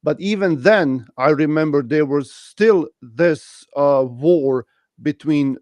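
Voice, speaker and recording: A man hosting a casual conversation, speaking haltingly with many fillers and restarts. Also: fairly high pitch, darkish tone, no echo, dull audio. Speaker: podcast host.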